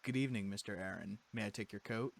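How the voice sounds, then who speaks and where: A man voicing a polite, composed young female house maid, speaking slowly and evenly. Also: lowish voice, creaky.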